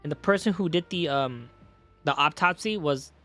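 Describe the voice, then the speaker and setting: A man's voice: fairly high pitch, moderate pace, fairly bright tone, faint music behind. A man streaming a game, reading the lines aloud and chatting and laughing with a friend. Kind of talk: casual game commentary.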